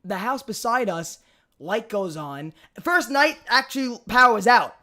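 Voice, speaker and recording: Young male podcast host, Brooklyn accent, high-pitched, animated and profane. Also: unhurried. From Brooklyn, New York. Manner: animated storytelling, profane, acts out quoted voices. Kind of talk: casual chat.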